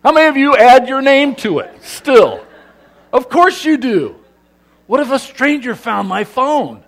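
A man's voice: extremely high pitch, big pitch swings, slow pace. A middle-aged man from Southern California, playfully quizzing and joking with a live audience as he speaks to a congregation. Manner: playful, asks the audience questions and jokes with them. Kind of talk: lively talk to a live audience.

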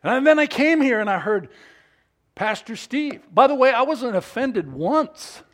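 A middle-aged man preaching a sermon as pastor, folksy and self-deprecating, stumbling over restarts and swinging from soft asides to loud emphasis. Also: very high voice, big pitch swings, moderate pace. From Southern California.

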